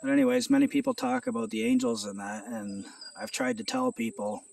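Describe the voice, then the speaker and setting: A man's voice: extremely high pitch, huge pitch swings, a little fast, vocal fry, a little mellow, far from the mic. A man from Ontario, earnestly sharing a rambling spoken testimony outdoors at a rural house, often repeating his words. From Ontario, Canada. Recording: voice off from the mic.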